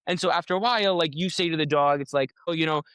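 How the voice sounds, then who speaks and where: A man in casual podcast talk, explaining a technical idea through a running playful analogy. His voice sits a little higher than most men's. He is heard close and dry, with no room sound, and he restarts his phrases often as he thinks aloud. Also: quick pace, fairly bright tone, no echo. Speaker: podcast guest, AI safety researcher.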